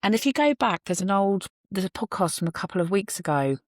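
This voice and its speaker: A woman's voice: medium pitch, sing-song, brisk, no echo, studio quality. A woman hosting her own podcast, talking through her thoughts in an earnest, musing way with self-deprecating asides, recorded on a phone in a car. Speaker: podcast host. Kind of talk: reflective solo monologue. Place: parked car.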